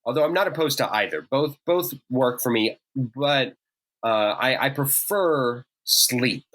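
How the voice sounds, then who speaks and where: Male podcast co-host, bright tense tone, wordy playful riffing. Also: mid-range voice, expressive, unhurried. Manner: wordy, playful, acts out bits. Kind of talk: casual chat.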